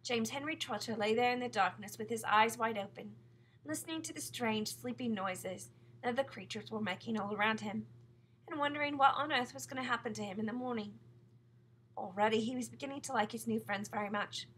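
Storybook narrator, woman, calm reading, bright husky tone. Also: fairly high pitch, fairly quick. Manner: calm, even read-aloud. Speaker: audiobook reader.

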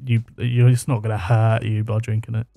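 A man's voice: lowish voice, monotone, a little fast, gravelly, warm tone, no room sound, clean studio sound. A man co-hosting a podcast in casual, joking chat, swearing freely and holding his mic in hand. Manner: swearing, joking, laid-back. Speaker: podcast co-host. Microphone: handheld mic.

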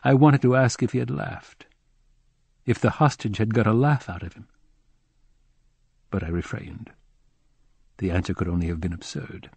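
A man narrating a literary audiobook in a measured, solemn reading. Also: fairly low pitch, creaky, a little mellow, slightly rough, no echo.

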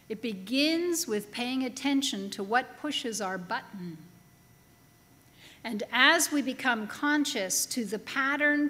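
A woman preaching a sermon in a chapel, telling a story with humor in a slow, deliberate way. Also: on the high side, a bit bright. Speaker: pastor. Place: large chapel. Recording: long reverb of a chapel hall.

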